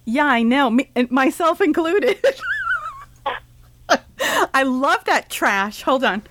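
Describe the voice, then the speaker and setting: A woman hosting a casual comedic talk show, sarcastic and joking in quick asides. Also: sits high, lively intonation, background noise.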